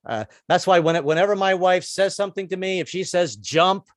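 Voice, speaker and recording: A man's voice: high-pitched, fast talker, dry recording, studio quality. A man in his sixties doing a stand-up comedy set, rambling and self-deprecating with stammered restarts. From United States. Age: 60s.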